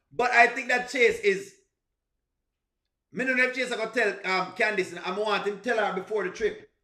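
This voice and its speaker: A man's voice: sits high, sharp tone, echoey room. A man with a Jamaican accent hosting a reaction livestream, laughing often and repeating phrases as he chats with viewers. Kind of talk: casual chat with live viewers.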